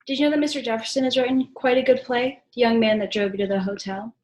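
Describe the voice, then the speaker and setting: A young woman playing a deadpan, sardonic secretary. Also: fairly high pitch, quick pace, lightly acted. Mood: wry. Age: teens. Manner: deadpan, wry. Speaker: student actor. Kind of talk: school play read over video call. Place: at home. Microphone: video call.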